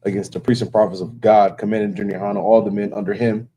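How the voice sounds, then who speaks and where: A man's voice: on the low side, flat delivery, rapid-fire, warm tone, a little hiss or hum. A man preaching inside a casual talk. He speaks with emphasis and sounds like he is warning his listeners, and he keeps checking in with them as he goes. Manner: emphatic, warning tone, keeps asking "you know what I'm saying". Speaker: religious teacher.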